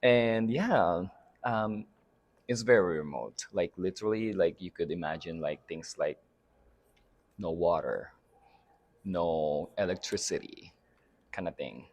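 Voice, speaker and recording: A man's voice: sits low, slow pace, pauses often. A man from the Philippines, a guest in a casual interview, chatting in a giggly way with lots of fillers and trailing thoughts. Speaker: interview guest, drag house mother.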